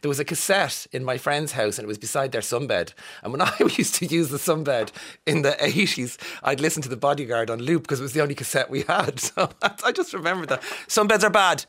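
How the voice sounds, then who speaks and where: A man's voice: medium pitch, brisk, fairly bright tone. An Irish man in his fifties hosting a casual radio show from a studio booth, reading listener texts with jokey, self-mocking asides. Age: 50s. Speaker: radio host.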